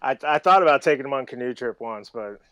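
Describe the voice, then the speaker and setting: Smooth-voiced man telling funny stories. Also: mid-range voice, fast, no room sound. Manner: animated, laughs while telling stories. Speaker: podcast guest. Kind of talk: casual storytelling.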